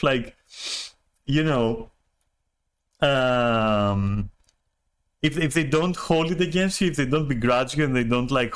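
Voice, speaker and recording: A man telling a story on a stream in a rambling, profane way, full of restarts and chuckles. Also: mid-range voice. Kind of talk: casual storytelling rant.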